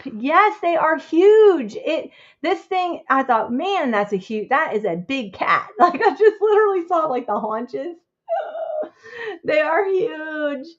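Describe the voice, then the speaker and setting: A woman chatting casually on a home livestream, excitable and quick to exclaim. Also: sits high, dull audio. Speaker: crafting livestreamer.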